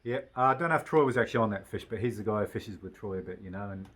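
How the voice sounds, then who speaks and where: A man in a casual chat, telling relaxed, matter-of-fact anecdotes. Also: fairly low pitch, very fast, a little hiss or hum.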